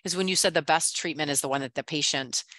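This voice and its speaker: A facilitator of a clinical teaching session who speaks in an animated way, acting out the remarks people make, over a video call. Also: medium pitch, fast. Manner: animated, acts out quoted remarks.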